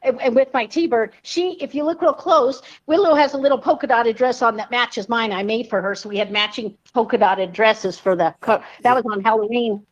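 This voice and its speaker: A woman's voice: a little high, normal speed, highs cut off. A woman guest in a casual chat interview, friendly and storytelling, laughing often. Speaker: guest, car restorer.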